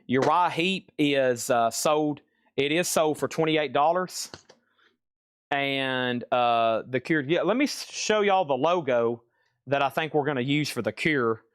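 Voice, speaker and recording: A man's voice: medium pitch, unhurried, clean tone, no echo. Guy hosting a live record sale, rambling and folksy, dry close sound. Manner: folksy, rambling, hums bits of songs. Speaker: live-stream record seller. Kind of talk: live sales stream chat.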